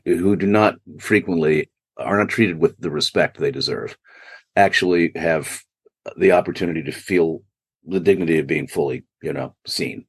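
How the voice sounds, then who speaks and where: An older man, a guest actor, telling anecdotes in a self-mocking, animated way in a podcast interview. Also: low-pitched, moderate pace, slightly rough, no echo. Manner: animated, self-mocking storyteller who acts out quoted voices.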